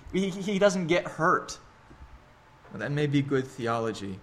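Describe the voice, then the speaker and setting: A man's voice: mid-range voice, a bit bright, slight background noise. A man in his thirties preaching a sermon in a conversational, earnest way with wry asides. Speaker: pastor.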